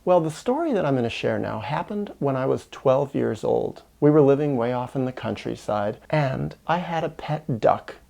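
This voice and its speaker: A middle-aged man recounts a memory from his own life in a gravelly, creaky voice. He tells it with drama, leaning into the loud moments and dropping low for the quiet ones. His pitch sits in the ordinary middle. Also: normal speed, hardly any pauses. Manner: animated, dramatic retelling with sudden loud and soft swings. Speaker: channel host. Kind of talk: personal storytelling monologue.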